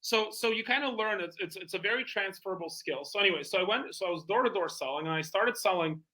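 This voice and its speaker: A man speaking at a fast clip with a bright, forceful tone that sits a little high. He tells sales stories as an interview guest with a salesman's energy, leaning on plenty of fillers. His voice stays punchy and quick. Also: poor audio. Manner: lively salesman telling anecdotes with lots of fillers. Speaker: guest, bespoke tailor and entrepreneur. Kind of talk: animated storytelling in conversation.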